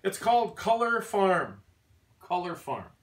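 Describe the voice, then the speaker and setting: An older man reads a picture book aloud to his baby grandson at home. His sing-song delivery swoops widely in pitch and he throws in playful animal noises. He sounds a little distant from the mic. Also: very animated, a little slow.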